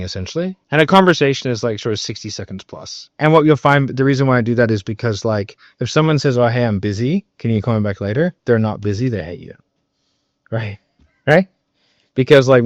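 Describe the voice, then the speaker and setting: A man's voice: medium pitch, dry recording. A man coaching on sales in casual talk, emphatic and loose, with frequent fillers, swearing and "right?" tag questions. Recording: dull, slightly muffled recording.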